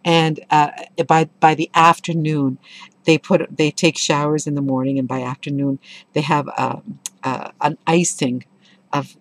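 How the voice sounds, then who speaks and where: A middle-aged woman with a notably low, deep voice reviews a book in a relaxed, conversational way. She tells stories expressively and with clear enthusiasm. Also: unhurried. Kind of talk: casual spoken book review with anecdotes.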